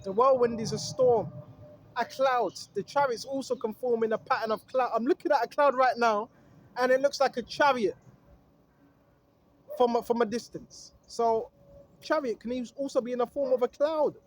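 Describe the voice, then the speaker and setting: A man preaching outdoors, reading scripture aloud and then riffing on it, calling out to listeners and chuckling often. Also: very high-pitched. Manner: exhorting, reads scripture aloud then riffs on it. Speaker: street preacher.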